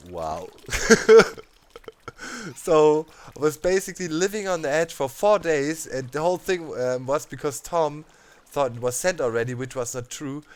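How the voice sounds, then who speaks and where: A man, a let's play host in his thirties, telling a story over gameplay with lots of laughs and casual fillers. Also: mid-range voice. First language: German. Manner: animated, laughing, heavy on fillers like "you know, man".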